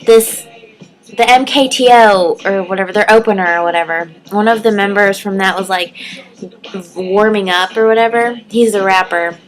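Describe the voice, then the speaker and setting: A young woman chats to her camera at home, telling a story in a loose, giggly way full of "like" and "um". Her pitch sits in the middle, and faint music plays behind her. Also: moderate pace, rough recording. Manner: chatty, giggly, lots of "like" and "um", acts out quotes in a high voice. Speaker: vlogger. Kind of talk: casual storytelling vlog.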